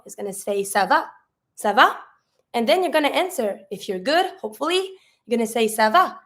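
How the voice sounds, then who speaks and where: A woman, a native French speaker, teaching French greetings in a chatty way, asking herself questions and answering them. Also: a little high. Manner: sprinkles fillers like "like".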